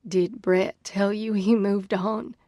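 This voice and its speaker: A bitter, worn-down young woman speaks with a flat, dull voice that turns snappish, as an audiobook narrator puts her on. The delivery is unhurried. The sound is dry and close, with no room around it. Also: medium pitch, no room sound. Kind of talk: audiobook dialogue reading.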